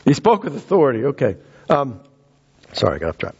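A man preaching a sermon as pastor, earnest, repeating words and rising in pitch for emphasis. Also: wildly swooping pitch, brisk, vocal fry, a little mellow, slightly rough, lo-fi sound.

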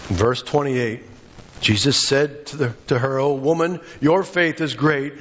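A man's voice: mid-range voice, steady tone, unhurried, fairly bright tone, slight background noise. Impassioned preacher man, lo-fi sound. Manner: impassioned, acts out quoted voices. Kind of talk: sermon.

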